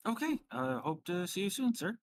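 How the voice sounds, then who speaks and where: A man doing a courteous woman shopkeeper, pitched high. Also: very animated, moderate pace, a little hiss or hum. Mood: polite. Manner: courteous, sales-minded. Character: polite female eyeglasses shopkeeper.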